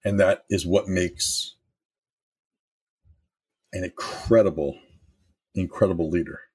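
A middle-aged former manager gives a candid motivational talk on leadership in a deep, slow, darkish voice with a breathy edge. He tells stories and swears now and then.

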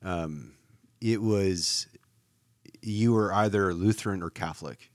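Low-voiced, reflective man in his forties. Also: takes it slowly, dry recording, studio quality. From Wisconsin, US Midwest. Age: 40s. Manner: reflective, thinking aloud with many fillers. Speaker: podcast co-host, pastor. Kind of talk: casual conversation.

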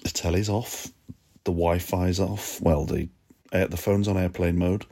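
A man hosting a podcast, chatting in a relaxed, reflective, sleepy way while lying on his bed, recorded on a phone. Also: low voice, a little slow, gravelly. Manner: sleepy, yawning, self-mocking. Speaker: podcast host. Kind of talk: relaxed reflective solo chat. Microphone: phone voice notes app.

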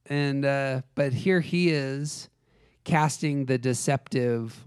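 A man hosting a casual film talk show, animated, acting out scenes as he retells them. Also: mid-range voice, slow pace, smooth, no echo, clean studio sound. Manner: animated, acts out scenes with voices. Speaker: podcast host.

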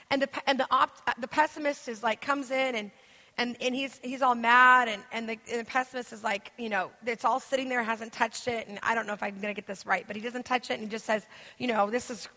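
A woman from the United States preaches to a church crowd in a loose, rambling way, stacking stories with "like" and "you know." Her voice sits high and sounds bright and lively. The long reverb of a big church hall trails behind each line. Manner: chatty, rambling storytelling with many fillers. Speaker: guest minister. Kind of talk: interactive sermon teaching.

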